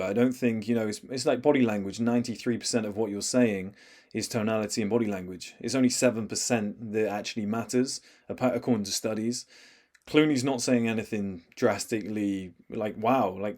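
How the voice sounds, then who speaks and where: A man's voice: on the low side, darkish tone. A man commenting on video clips as a body language coach, talking emphatically and acting out examples to his viewers.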